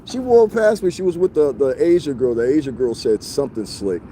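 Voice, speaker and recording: A man livestreaming by a street mocks and confronts his viewers in a casual rant, laughing frequently. His medium-pitched voice is mellow and expressive, fairly quick, with slight background noise.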